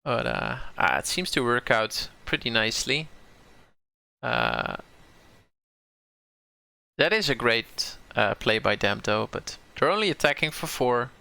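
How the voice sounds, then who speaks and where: A man's voice: mid-range voice, sing-song, a little slow, creaky, pauses often, bright, forceful tone, clear, resonant tone, no echo. A man from the southern Netherlands with a Dutch accent, thinking aloud as he plays and streams a card game, often repeating words as he corrects himself.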